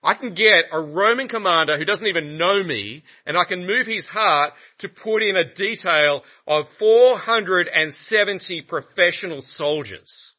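Commanding divine king Jesus, voiced by a male preacher, declaiming slowly with weight; dull, muffled sound. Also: sits high, expressive. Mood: assertive. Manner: emphatic, slow and declaiming. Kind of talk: acted quote within a sermon. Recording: muffled lo-fi recording.

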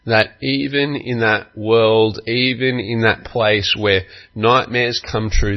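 Slow, earnest male pastor preaching. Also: mid-range voice, dull audio. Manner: slow, earnest storytelling with acted quotes. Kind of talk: sermon.

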